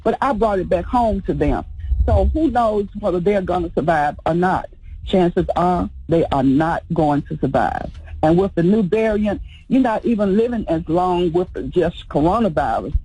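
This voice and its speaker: A woman's voice: lowish voice, normal speed, warm tone, husky, poor audio. A woman, a funeral home owner, speaking earnestly as a guest on a radio show. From Birmingham, Alabama, US. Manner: earnest, explanatory. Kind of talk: radio interview.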